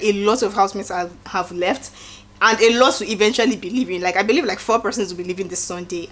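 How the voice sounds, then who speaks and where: A woman with a Nigerian accent giving a casual recap, acting out quotes in an animated way and adding preachy asides. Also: medium pitch. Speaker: show recap host. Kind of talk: casual reality-show recap.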